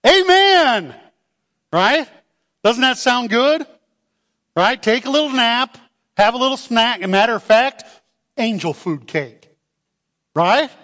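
A man preaching a sermon to his church, animated and calling out for amens. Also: very high voice, unhurried, long pauses. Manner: animated, calls for amens, acts out voices. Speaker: pastor. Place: church sanctuary. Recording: long hall reverb.

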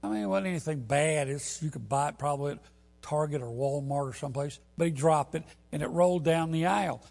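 Man, preacher, sermon, gravelly, husky, storytelling, loud emphatic peaks. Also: on the high side, a little fast, faint music behind.

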